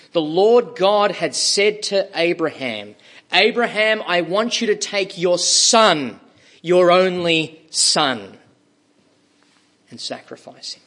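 A man preaching a sermon, slow and emphatic, with dramatic pauses and repeated words for stress. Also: sits high, a bit bright.

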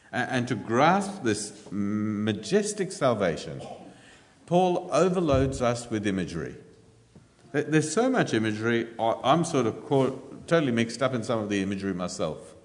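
A man preaching a sermon in an earnest way, with frequent ums and rhetorical questions. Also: lowish voice. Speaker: pastor. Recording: reverberant church hall.

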